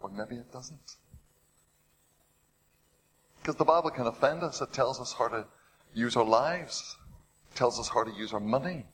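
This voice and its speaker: A man preaching a sermon. He retells stories with rising drama, asks the listeners rhetorical questions and drops to a hush on heavy points. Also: medium pitch, moderate pace, long pauses, slight background noise, rough recording.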